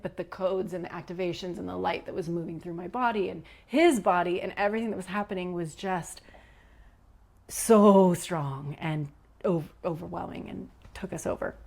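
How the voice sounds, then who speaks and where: Earnest woman recounting a spiritual experience. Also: lowish voice. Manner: animated and earnest, many "like" and "you know" fillers. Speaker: podcast guest, leadership coach. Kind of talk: personal storytelling in conversation.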